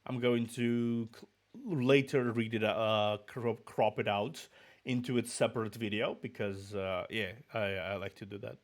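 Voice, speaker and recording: In an unhurried, lowish voice with fairly even intonation, a man with a slight Russian accent sets up a book-reading stream. He sounds a little sick and rambles casually, restarting sentences and muttering.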